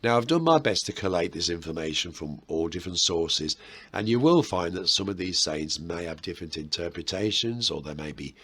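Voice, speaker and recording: A low, husky-voiced man with a Birmingham accent talks to camera about history. His delivery is chatty and meandering, and he drops in playful asides as he explains things. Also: animated, a little fast, fairly bright tone. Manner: chatty and rambling, with self-mocking asides. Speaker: history video host.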